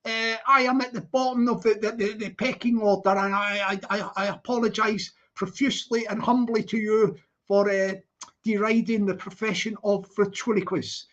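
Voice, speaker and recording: A woman's voice: a little high, fairly bright tone, highs cut off. A woman, rambling through an improvised comic monologue in a giggly, self-mocking way. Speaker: comic performer.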